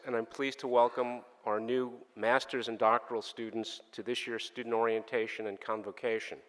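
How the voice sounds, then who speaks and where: A man, a university administrator, giving a measured formal welcome and introductions. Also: mid-range voice, a bit bright. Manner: measured, announcing. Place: large auditorium. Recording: long reverb of a large hall.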